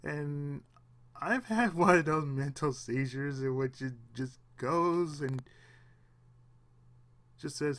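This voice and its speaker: Man on the edge of tears, fairly high voice, halting and raw confessional delivery, alone at home. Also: fairly bright tone. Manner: halting, repeats himself, long pauses, swears. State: on the verge of tears. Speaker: channel host.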